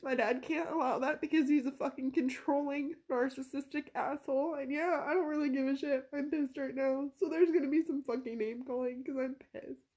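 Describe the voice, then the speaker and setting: A woman's voice: high-pitched, a little mellow. A woman telling a personal family story to camera, heated and blunt, swearing freely and near tears at times. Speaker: vlogger recounting a family conflict.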